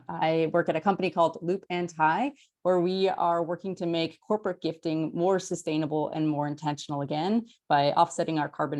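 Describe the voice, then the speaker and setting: Deep-voiced upbeat woman panelist. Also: darkish tone. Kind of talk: panel self-introduction. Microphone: video call.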